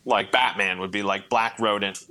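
A man with a bright, forceful voice talks eagerly on a podcast. He rushes through his points in quick bursts and laughs easily along the way. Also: lowish voice, steady tone. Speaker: podcast co-host. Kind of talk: casual chat.

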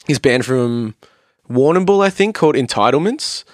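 A man's voice: medium pitch, lively intonation, moderate pace, dry recording. A man chatting casually on a podcast, rambling through studio stories with a lot of "like" and acted-out quotes. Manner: rambling storyteller, heavy use of "like", acts out quotes. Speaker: podcast guest, vocalist and producer. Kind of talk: casual chat.

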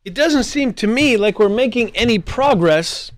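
A man's voice: high voice, expressive, moderate pace, no echo. A man hosting a political commentary show, arguing his point and now and then mimicking squabbling voices mockingly. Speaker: podcast host.

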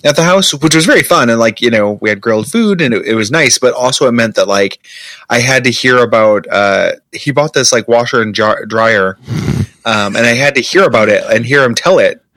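A man's voice: medium pitch, brisk, fairly bright tone, no room sound. Guy on a podcast mic, rambly and laughy, lots of likes, dry sound. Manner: rambling, filler-heavy, laughs often. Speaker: podcast co-host. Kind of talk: casual chat.

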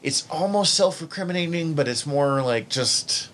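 A man's voice: a little high, lively intonation, moderate pace, fairly bright tone. A man co-hosting a podcast, chatting casually and candidly about a TV show, often rambling and emotional. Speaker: podcast co-host. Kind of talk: casual chat.

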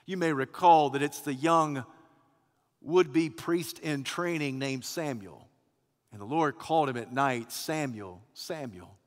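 A man preaching a sermon in a church sanctuary, dramatic and swinging between loud passages and hushed ones. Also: on the high side, a little slow. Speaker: pastor. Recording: long reverb of a church hall.

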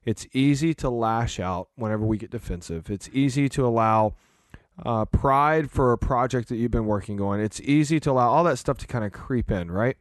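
A man's voice: medium pitch, moderate pace, no room sound. Earnest male podcast host, dry sound. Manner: earnest, rambling with restarts and fillers. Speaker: podcast host, church leader. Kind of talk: casual podcast chat.

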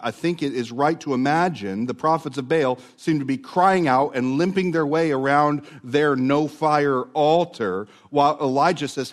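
A man preaching a sermon, earnest and building to emphatic repetition. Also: mid-range voice. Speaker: pastor.

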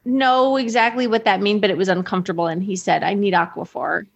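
A woman guest on a chat show, telling family stories in a lively way and laughing often, a little tipsy. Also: medium pitch, fast talker, dull audio, a crowd in the background. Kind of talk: casual chat, storytelling.

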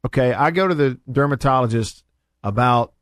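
A man hosting a radio show, ranting and bantering in a casual, animated way from the studio. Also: moderate pace, dry recording. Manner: animated, rants with big pitch jumps.

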